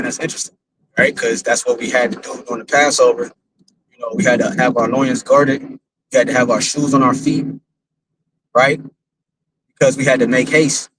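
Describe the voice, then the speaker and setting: A man's voice: medium pitch, noisy background. A man, a father, telling a religious testimony in a casual, rambling, slangy way, repeating himself as he goes. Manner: rambling, repetitive, slangy storytelling.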